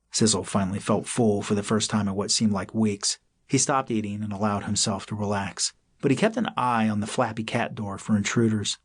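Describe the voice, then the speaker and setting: A man narrating a children's audiobook in a measured storytelling manner. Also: lowish voice, steady tone, breathy edge.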